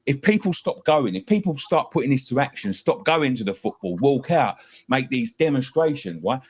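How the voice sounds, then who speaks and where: A man's voice: mid-range voice, sing-song, normal speed, husky. A fired-up middle-aged man on a fan show, his voice rising and falling all over as he drives his points home. He swears freely and says the same line again and again for emphasis. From England. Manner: passionate, swearing, repeating himself. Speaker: football fan guest. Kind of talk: heated fan-show chat.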